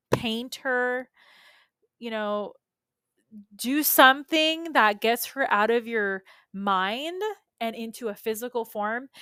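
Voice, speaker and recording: A woman's voice: fairly high pitch, a bit bright, smooth, no echo, clean studio sound. A woman coach and podcast host teaching in a casual, earnest and emphatic way, with frequent asides to her listeners. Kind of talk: solo podcast teaching talk.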